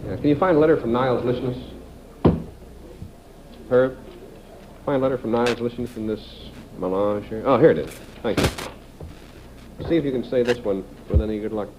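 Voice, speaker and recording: A man hosts a late-night TV show in easy, playful banter, chuckling between lines. His voice comes through a dull, muffled off-air TV recording. A steady hiss sits under everything. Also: medium pitch, brisk, pauses often. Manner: playful, chuckling, reads out tongue twisters. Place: TV studio.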